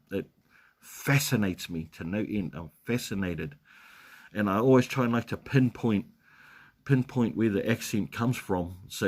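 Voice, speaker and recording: A man from New Zealand with a New Zealand accent, hosting a casual live stream, reading out viewer comments in a rambling way with many fillers and restarts. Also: on the low side.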